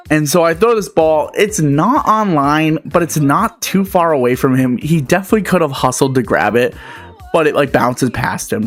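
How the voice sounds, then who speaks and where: Give me a young male talk show host ranting with profanity, exasperated and rambling, over faint music. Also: a little high. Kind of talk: ranting storytelling.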